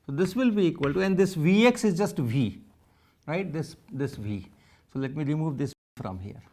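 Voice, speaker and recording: A man's voice: fairly high pitch, animated, normal speed, dark tone. A man giving a physics lecture, working through equations step by step and repeating phrases as he writes. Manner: repeats phrases while writing, methodical.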